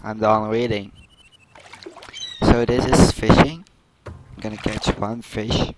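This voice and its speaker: A man casually chatting and explaining gameplay while he plays, with loud noise in the background. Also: lowish voice, flat delivery, slow pace. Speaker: gameplay video host. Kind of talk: game commentary.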